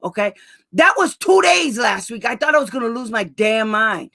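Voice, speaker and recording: A woman's voice: fairly high pitch, very animated, normal speed, sharp tone. Blunt, exasperated woman advocate. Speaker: special education advocate. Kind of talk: casual online talk.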